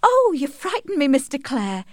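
A woman voicing a gentle, sorrowful young dairymaid who pleads in a high, tearful voice. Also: very animated, moderate pace, dry recording, studio quality, lightly acted. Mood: distressed.

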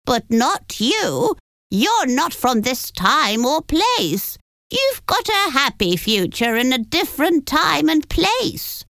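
Hushed high old witch lady, slow and mysterious, a woman putting her on. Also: very animated, no room sound, clean studio sound, exaggerated voice. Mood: gentle. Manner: slow, soft, prophetic delivery.

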